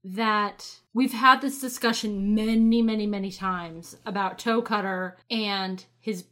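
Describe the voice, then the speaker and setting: A woman's voice: medium pitch, fairly even intonation, a little slow, fairly bright tone. An American woman co-hosting a podcast, talking through a film in a casual, analytical way. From United States. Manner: analytical, explains at length. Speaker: podcast co-host.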